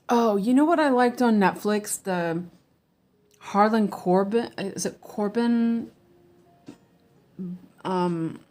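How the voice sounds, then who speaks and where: A woman chatting casually as she stitches, answering viewers and muttering quietly to herself as she works. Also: medium pitch. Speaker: cross-stitch designer and streamer.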